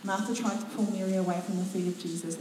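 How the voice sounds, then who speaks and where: A New woman preaching to her church, retelling Bible stories with animated, dramatic flair. Her voice is mellow and warm. She sounds far from the mic, with heavy echo filling the hall and faint noise behind her. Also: mid-range voice, fast talker. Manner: expressive storytelling, acts out quotes. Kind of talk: sermon. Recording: very echoey church from a distance.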